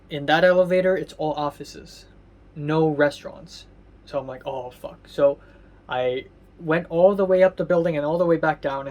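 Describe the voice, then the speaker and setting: Man, home vlog diary, rambling and sardonic, slightly high voice. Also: darkish tone. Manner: rambling, halting with many fillers and restarts; candid and mildly sardonic. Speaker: vlogger. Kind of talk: casual spoken diary.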